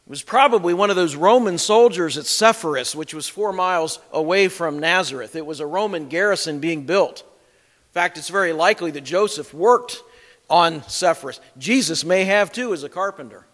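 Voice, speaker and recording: Man, preacher, emphatic sermon, high voice, echoing hall. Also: lively intonation, moderate pace, a bit bright. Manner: emphatic, reads scripture aloud with commentary. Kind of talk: expository sermon.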